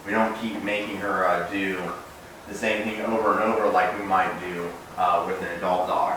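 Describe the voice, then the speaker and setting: A man's voice: sits low, normal speed, slight background noise. A young adult man, a dog trainer, casually explaining puppy training while working with the dog. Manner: relaxed, explaining while training, bright sharp commands to the puppy. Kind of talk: casual instructional demo. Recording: very echoey room, mic at a distance.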